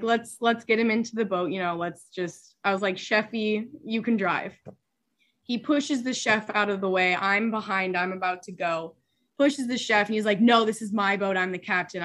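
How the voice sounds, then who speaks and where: Animated young woman telling a wild story. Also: mid-range voice. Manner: animated, laughing, lots of "like" fillers. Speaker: superyacht stewardess, guest. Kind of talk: casual storytelling chat.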